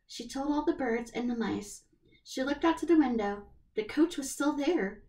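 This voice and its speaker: A woman's voice: high voice, lively intonation, moderate pace, warm tone. A young woman with a nasal voice reading a storybook aloud, now and then stumbling and correcting herself. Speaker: storybook reader.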